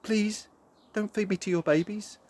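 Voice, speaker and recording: Little brave girl voice from a man, pitched way up, earnest and polite, kids story. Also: steady tone, a little slow, darkish tone. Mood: pleading.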